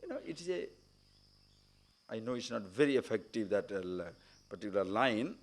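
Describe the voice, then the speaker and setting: A man's voice: on the low side, very animated, moderate pace. A man giving a spiritual talk at a retreat camp, telling stories animatedly and acting out the speakers he quotes. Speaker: spiritual teacher. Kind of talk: spiritual discourse.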